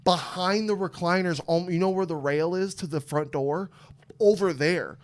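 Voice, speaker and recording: Young man, podcast host, slightly high voice, animated storytelling, frequent swearing. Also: moderate pace. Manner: animated, swearing, acts out quotes. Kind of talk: casual storytelling chat.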